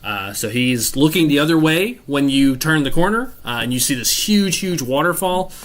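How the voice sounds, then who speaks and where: A man narrating as game master of a tabletop game, descriptive and relaxed, with many fillers. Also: a little high, moderate pace.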